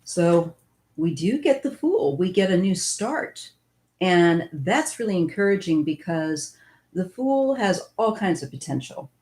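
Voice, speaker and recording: A woman's voice: lowish voice, very animated, a little slow, a little mellow. A woman giving a casual live-stream tarot reading, musing and thinking aloud as she goes. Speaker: tarot reader.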